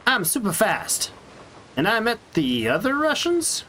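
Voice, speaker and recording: A man talks through his game as he streams it, rambling and joking to himself in a casual, unhurried way. His voice sits a little high and swings up and down expressively, with a faint hiss behind it. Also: huge pitch swings, sharp tone. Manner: chatty, thinking aloud, joking to himself. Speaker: let's play streamer. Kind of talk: casual gameplay commentary.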